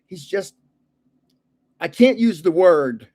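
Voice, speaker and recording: An older man chats about his past in a loose, rambling way, chuckling between stories. His voice sits a little high for a man. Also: expressive, takes it slowly, a little mellow. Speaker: card channel host. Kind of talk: casual storytelling chat.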